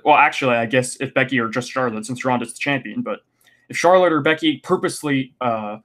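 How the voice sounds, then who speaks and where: A man's voice: mid-range voice, fairly bright tone. Ranting man hosting a podcast. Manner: ranting, exasperated, frequent "um" fillers and restarts. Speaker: podcast host. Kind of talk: casual podcast recap.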